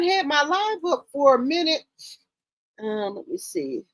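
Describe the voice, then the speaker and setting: A woman's voice: sits high, big pitch swings, a little slow. A woman hosting a casual livestream, greeting viewers by name in an informal, repetitive, chatty way, with features. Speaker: livestream host.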